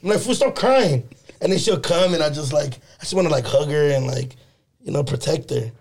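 A man's voice: on the high side, a little fast, darkish tone. A man co-hosting a casual chat, slangy and swearing often, laughing through his stories. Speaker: podcast co-host.

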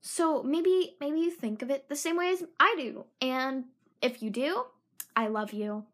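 A woman's voice: high voice, animated, a little slow, a bit bright. A teenage girl hosting her own podcast, rambling in a jokey, self-deprecating way. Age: teens. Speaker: podcast host. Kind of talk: casual solo podcast chat.

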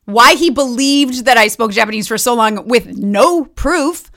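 A woman guest on a comedy podcast, telling anecdotes in a wry, animated way. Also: a little high, unhurried. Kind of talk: comedic storytelling.

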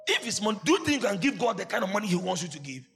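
A man with a Ghanaian accent preaching a sermon, swinging between loud shouts and low asides. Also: sing-song, racing, creaky, in a large hall, soft background music. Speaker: pastor.

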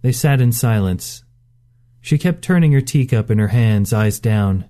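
A man narrating a short story in a steady, measured reading. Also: mid-range voice. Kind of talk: scripted narration.

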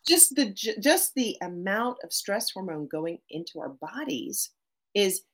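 A middle-aged woman therapist speaking as a podcast guest, animated, often restarting phrases and adding "right?". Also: medium pitch, measured pace. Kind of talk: podcast interview.

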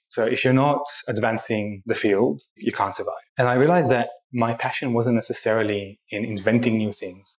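A man's voice: on the low side, reverberant, low-quality recording. A middle-aged man, explaining his research career as an interview guest in a thoughtful way, often restarting his sentences. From Australia. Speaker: guest, AI researcher turned recruiter. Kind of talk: casual interview answers.

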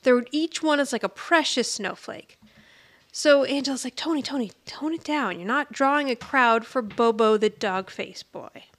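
A woman's voice: a little high, normal speed, a bit bright. A woman co-hosting a casual podcast, retelling a TV episode and acting out the characters' lines, laughing often. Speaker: podcast co-host. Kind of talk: casual rewatch chat, retelling scenes.

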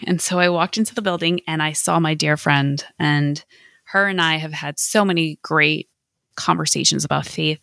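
A woman's voice: sits low, creaky, fairly bright tone, no echo, studio quality. Candid woman sharing a faith story. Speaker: podcast host. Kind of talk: personal faith reflection podcast.

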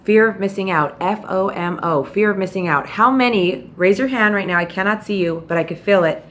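A woman hosting a podcast, delivering a direct, tough-love motivational monologue and often quoting people in lively put-on voices. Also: mid-range voice, brisk, a little hiss or hum. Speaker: podcast host.

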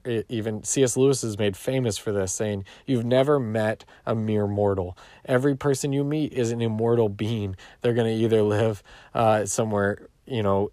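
A male pastor giving a short devotional teaching in a relaxed, conversational way, with restarts and casual asides. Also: medium pitch, dry recording.

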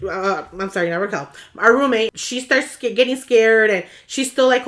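A young woman talks in a slightly high voice, telling a story in a loose, rambling way. She trips over her words and restarts often. Her delivery turns frantic when she acts out the scary parts. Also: normal speed, fairly bright tone. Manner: rambling with many restarts, acts out screaming quotes. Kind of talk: casual storytelling chat.

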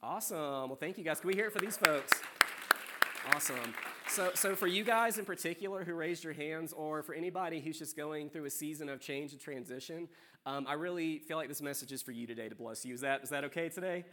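A man's voice: on the high side, brisk, some chatter behind. A young man from South Carolina with a faint Southern accent, a worship leader preaching a sermon in a church in a chatty, joking way. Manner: warm, chatty, joking with the congregation. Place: church sanctuary.

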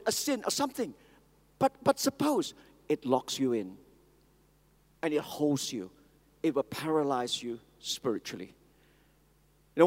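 A male preacher tells stories in his sermon and keeps asking the audience questions. His voice sits high. A long reverb of a large hall carries every line. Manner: storytelling, asks the audience questions.

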